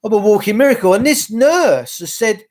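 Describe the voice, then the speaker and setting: A man with a high voice rants his way through a rambling livestream. He reads out viewer comments and answers them directly, rolling from one point to the next. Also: expressive, normal speed, darkish tone. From England. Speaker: livestream host. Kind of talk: rambling live-stream monologue.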